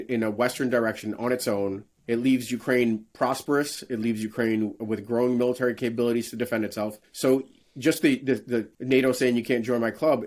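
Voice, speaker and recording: Measured man, steady mid pitch. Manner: measured, restarts often, frequent uh fillers. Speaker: interview guest. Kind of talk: conversational interview.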